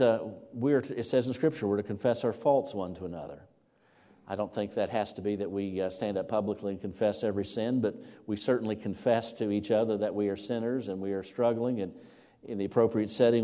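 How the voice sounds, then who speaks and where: A man preaching a sermon as pastor, earnest and building to loud emphatic peaks when quoting scripture. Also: fairly low pitch. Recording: long reverb of a large hall.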